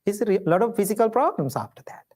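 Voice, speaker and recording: A man, a Buddhist monk, giving a dharma talk in gentle storytelling with simple, repeated phrases. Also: high-pitched, expressive, quick pace. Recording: live talk to an audience.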